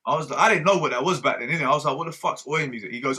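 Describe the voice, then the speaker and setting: Man, very bright voice, a bit high, casual podcast chat, swears a lot. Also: racing. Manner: swears freely, storytelling with quoted dialogue. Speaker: podcast co-host.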